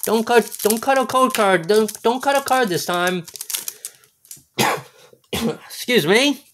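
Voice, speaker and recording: A man's voice: extremely high pitch, slow pace, fairly bright tone, a little hiss or hum. A man hosting a casual card-opening video, goofy and playful, full of exclamations and wordplay. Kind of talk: casual unboxing commentary.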